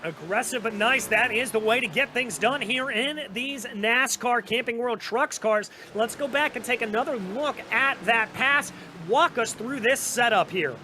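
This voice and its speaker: A man with a slight Southern US accent giving fast, energetic play-by-play commentary on a sim race. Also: very high voice, slight background noise.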